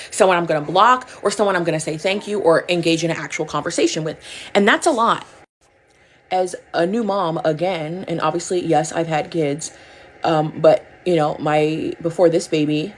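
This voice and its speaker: Woman, mom and creator, low-pitched, chatty rambling vlog delivery, faint background hum. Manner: candid, rambling, peppered with "like". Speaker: social media creator and mother. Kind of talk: casual get-ready-with-me chat to camera. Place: at home getting ready.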